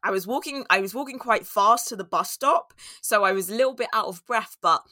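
Speaking briskly in a sharp, mid-range voice, a woman hosts a podcast and candidly recounts her own experiences as a reflective solo talk. She laughs along the way and voices her inner thoughts aloud, and the studio-quality recording has no room sound.

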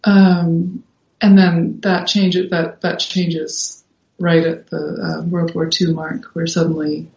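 A woman's voice: on the low side, little pitch movement, slow, darkish tone, slight background noise. A woman talking through ideas in casual conversation as a guest, thinking aloud with many fillers. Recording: roomy, dull lo-fi sound.

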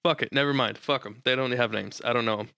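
Gravelly, swearing tabletop player. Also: male voice, mid-range voice, fast, pushed and bright, no echo, clean studio sound. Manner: rambling, swears freely. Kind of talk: casual tabletop game chat.

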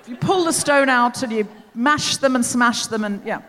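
A woman from Australia hosting a live comedy show, telling self-mocking stories with animated energy on a theatre stage. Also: on the high side, moderate pace, slight background noise. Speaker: podcast host. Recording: long theatre hall reverb.

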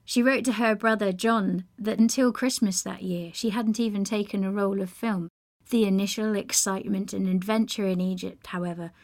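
A woman presenting a scripted narration, telling a life story in a measured storytelling manner. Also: medium pitch, darkish tone. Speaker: presenter reading from family archive.

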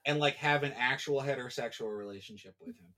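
A man's voice: mid-range voice, quick pace, sharp tone. A man, a guest on a casual book podcast, talking in a rambling, emphatic and profane way with many fillers. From United States.

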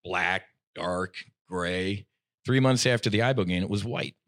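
A middle-aged man with a low voice tells a personal story on a podcast, all slang and "I'm like" asides. His delivery is animated and swings between loud bursts and near-whispers. The recording is dry and close. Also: unhurried, no echo. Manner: slangy, says "dude" and "I'm like". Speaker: podcast guest. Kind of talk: casual storytelling.

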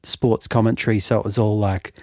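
A man co-hosting a casual podcast, dry-witted and quick to laugh. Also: lowish voice, level tone, dry recording. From Australia. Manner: dry wit, laughs easily. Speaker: podcast co-host.

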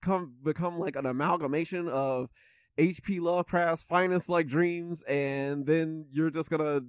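Male podcast co-host, slightly high, dry close mic, loose rambling comedic delivery. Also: fairly even intonation, measured pace, clear, resonant tone, no room sound. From British. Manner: rambling, laughs often, filler-heavy. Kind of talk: casual comedic chat.

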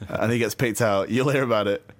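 A man's voice: lowish voice, fairly even intonation, fast talker, a little hiss or hum. A man co-hosting a podcast in casual chat, easygoing and wry, laughing along with his partner. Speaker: podcast co-host.

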